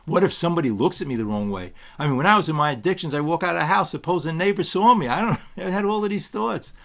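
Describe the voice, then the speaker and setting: A man's voice: a little high, animated, fast talker, gravelly, fairly bright tone. Rambling man giving a spiritual recovery talk. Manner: rambling, many restarts and asides; tells stories with acted quotes. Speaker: twelve-step meeting speaker.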